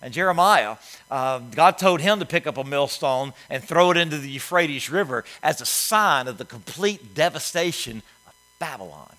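A man preaching a sermon as pastor, swinging between loud emphatic lines and hushed ones. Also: a little high, lively intonation, moderate pace. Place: church sanctuary.

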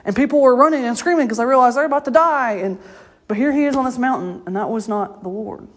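A woman's voice: on the high side, fast. A woman preaching a casual, story-filled sermon. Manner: conversational storytelling, laughs often. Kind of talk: informal sermon.

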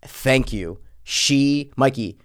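A man co-hosting a podcast, talking casually and profanely about a movie, often jumping up in pitch to mock what characters say. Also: extremely slow. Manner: animated, profane, mocking voices in quotes. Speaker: podcast co-host. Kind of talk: casual movie review chat.

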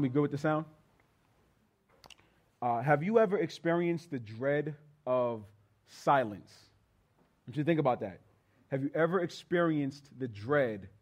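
A man preaching a sermon, moving from prayer into a personal story and talking straight to the congregation. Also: on the high side. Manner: conversational preaching, addresses congregation as y'all.

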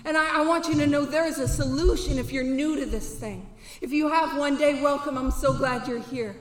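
A woman's voice: sits high, normal speed. A woman giving a candid personal testimony at a banquet, earnest and direct, sometimes breaking into sudden whooping bursts. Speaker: recovery speaker at a banquet. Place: banquet hall. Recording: echoey hall with long reverb.

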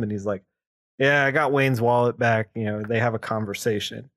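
A man co-hosting a podcast, retelling a comic book story casually and slipping into quick voices for the characters. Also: on the low side, fairly bright tone, no room sound, studio quality. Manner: retells the plot with quick quoted voices and laughs. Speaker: podcast co-host.

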